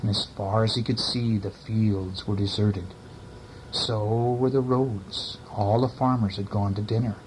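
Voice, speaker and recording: A man's voice: on the low side, steady tone, unhurried, background noise. A man reading a bedtime story to a child, with casual, chatty asides to the listener.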